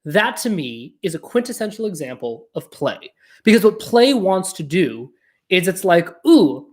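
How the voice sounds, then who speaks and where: A podcast host riffing through a casual monologue, peppering every thought with "like" and fillers. The talk is loose and animated, with quick personal stories and the occasional blunt swear. The voice sits at a mid pitch, neither high nor low. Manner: chatty, filler-heavy, animated storytelling with frequent "like".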